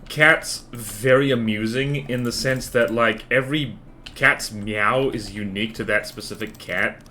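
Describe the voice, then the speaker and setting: A man's voice: medium pitch, unhurried, bright, forceful tone, a little hiss or hum. A man streaming a game, chatting casually in a rambling, playful, self-mocking way. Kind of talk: casual livestream chatter while building in a game.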